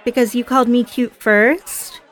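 A woman's voice: on the high side, steady tone, unhurried, fairly bright tone, some chatter behind. A woman playing a chatty, giggly party girl. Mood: teasing. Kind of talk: scripted audio role-play.

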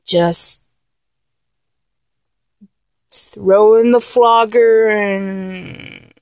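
A woman's voice: mid-range voice, fairly even intonation, very slow, darkish tone, no room sound. A woman playing a flustered young lover who keeps trying and failing to act dominant, in a comedic audio role-play, talking in an exasperated, self-correcting way.

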